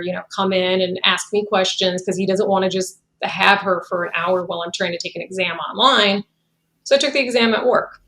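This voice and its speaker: Woman with a gravelly edge, roomy sound. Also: medium pitch, a bit bright. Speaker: interviewee telling her own story. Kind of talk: candid personal account. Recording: roomy echo.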